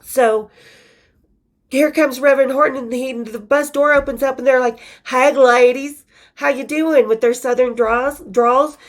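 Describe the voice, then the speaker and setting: A woman's voice: sits high, steady tone, normal speed. A woman hosting her own show, reading from her old journals in a candid, profane, casual storytelling manner with laughing asides. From western United States.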